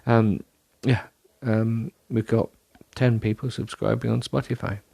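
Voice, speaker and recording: A man's voice: mid-range voice, steady tone, unhurried, creaky, mellow, husky, no echo. A man hosting a solo podcast, rambling in a self-deprecating way with many ums and restarts, sounding tired. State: tired, yawning. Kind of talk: rambling casual monologue.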